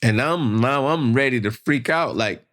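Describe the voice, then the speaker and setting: A man telling a personal story in casual conversation, animated, acting out voices and sound effects. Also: medium pitch, moderate pace. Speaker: podcast guest.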